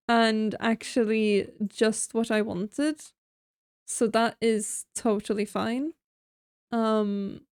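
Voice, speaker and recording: Slow, chatty woman streamer. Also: fairly high pitch, steady tone, smooth, no echo, studio quality. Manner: chatty, self-mocking, thinking aloud while building. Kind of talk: casual gameplay commentary.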